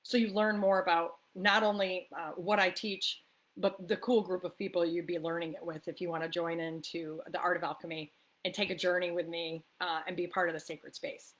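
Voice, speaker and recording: A woman's voice: on the low side, little pitch movement, moderate pace, a bit bright. Upbeat chatty woman coaching to camera. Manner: upbeat and chatty, often asks "right?"; laughs often while talking. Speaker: spiritual life coach. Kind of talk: casual coffee-talk monologue to camera. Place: the East Coast of the US.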